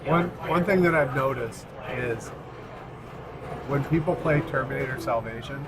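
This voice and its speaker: A man hosting a casual live stream from his arcade, laid-back and quick to laugh. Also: mid-range voice, crowd noise, rough recording. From Canada. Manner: laid-back, laughs often, reads chat aloud. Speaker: arcade owner and stream host.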